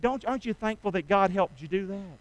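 A middle-aged pastor, preaching a sermon with call-and-response that swings from soft to loud. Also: male voice, high-pitched, expressive, fairly quick, no echo, rough recording.

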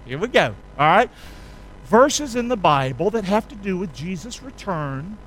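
Pastor, male, high voice, folksy call-and-response sermon delivery. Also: rough recording. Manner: call-and-response preaching, asks congregation to repeat; folksy, colloquial.

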